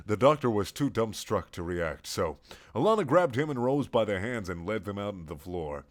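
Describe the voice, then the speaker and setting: A man's voice: lowish voice, big pitch swings, normal speed. A man reading a playful fan story aloud as narrator. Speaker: reader.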